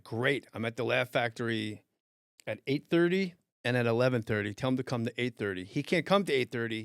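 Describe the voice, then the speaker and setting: Middle-aged comic guy spinning a story, mid pitch, dry close mic. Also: no room sound. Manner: animated, acts out heated quotes loudly. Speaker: podcast host and comedian. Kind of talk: casual storytelling chat.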